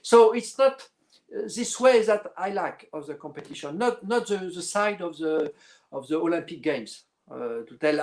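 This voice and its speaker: A middle-aged man, a clarinetist guest speaking in a casual interview and often pausing to search for words. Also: high voice, animated, a little mellow. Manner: halting, searching for words with many fillers.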